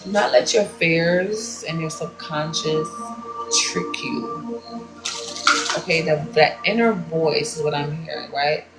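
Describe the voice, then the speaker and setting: A woman with a New York accent gives a laid-back spiritual card reading in loose, slangy talk, swearing as she goes. Her voice sits low and gravelly. She is heard in an echoey room with loud music playing behind her. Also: slow pace. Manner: loose and slangy, swears freely, calls viewers "baby". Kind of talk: casual spiritual reading to camera.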